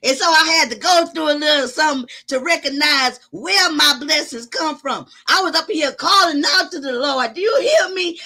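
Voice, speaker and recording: A woman hosting her own live stream, talking straight to her viewers in a loud, exclamatory and preachy way, whooping and cursing as she goes. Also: high-pitched, moderate pace, few pauses.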